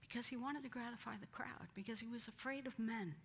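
A woman's voice: a little high, a little fast, fairly bright tone, slight background noise. A woman teaching a Bible study, acting out the quoted lines with dramatic emphasis. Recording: hall reverb.

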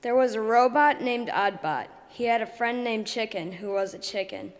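A woman reading her own story poem aloud at a reading event, slow and deliberate. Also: fairly high pitch. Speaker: poetry reader. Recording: long hall reverb.

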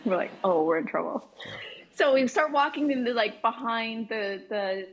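A woman's voice: fairly high pitch, normal speed, lo-fi sound, a little hiss or hum. A woman actress, a guest on a late-night talk show, telling stories in a chatty, self-deprecating way. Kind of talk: casual interview storytelling. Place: television studio.

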